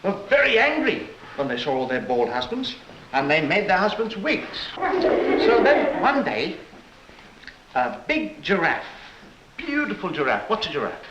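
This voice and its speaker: A man's voice: sits high, huge pitch swings, measured pace. A man reading a story aloud to children in a playful, teasing way, full of sound effects. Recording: lo-fi echoey room with loud noise.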